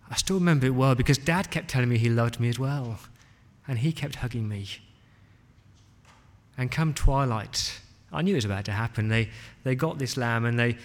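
A male preacher retelling a scripture story in the first person as a child eyewitness, with dramatic pauses. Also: mid-range voice. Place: church hall. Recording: long hall reverb.

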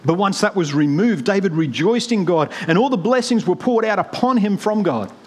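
A middle-aged man preaching a sermon, earnest, moving from hushed storytelling to rising, emphatic appeals. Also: sits high, lively intonation, normal speed.

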